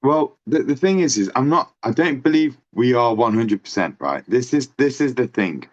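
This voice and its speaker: Man co-host, mid-pitch, rambling and excitable; muffled lo-fi sound. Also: normal speed. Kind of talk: casual podcast chat. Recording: dull lo-fi sound.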